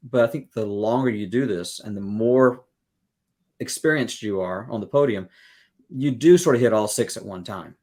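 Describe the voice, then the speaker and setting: A man's voice: on the low side, normal speed, darkish tone. A man from the States, a guest music educator in a podcast interview, explaining earnestly with everyday analogies. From Southern United States. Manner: acts out quoted exchanges.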